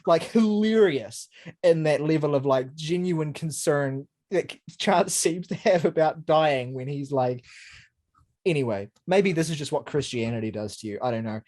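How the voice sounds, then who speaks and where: Co-host for a casual album review chat, mid-pitched voice, emphatic, rambling, swears freely. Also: normal speed, darkish tone. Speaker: podcast co-host.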